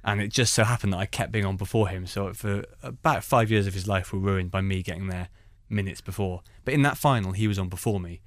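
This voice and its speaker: Fast-talking man, lower voice. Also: dry recording, studio quality. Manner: animated storytelling. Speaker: stand-up comedian. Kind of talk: conversational anecdotes.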